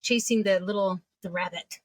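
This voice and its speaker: A woman's voice: medium pitch, steady tone, normal speed, husky, dry recording. Playful woman co-host, dry sound. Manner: playful, sarcastic. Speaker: podcast co-host. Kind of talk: podcast conversation.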